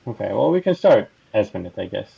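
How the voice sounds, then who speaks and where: A man's voice: fairly low pitch, big pitch swings, fast talker, vocal fry, slightly rough. A man co-hosting a casual book discussion, asking hesitant questions. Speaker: podcast co-host. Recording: dull lo-fi mic.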